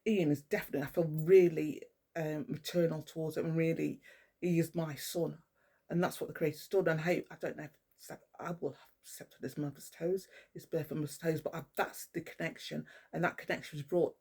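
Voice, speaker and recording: A woman's voice: low voice, creaky, warm tone, husky. A middle-aged woman, speaking at home in a rambling, casual spiritual monologue, swearing often and restarting her sentences. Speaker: spiritual vlogger. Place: at home indoors with a cat.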